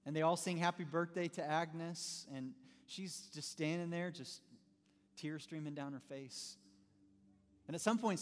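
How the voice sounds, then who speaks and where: A man preaching in a church hall, telling a story with animated shifts of pace. His voice sits a little high and carries a long reverb off the room. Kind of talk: sermon storytelling.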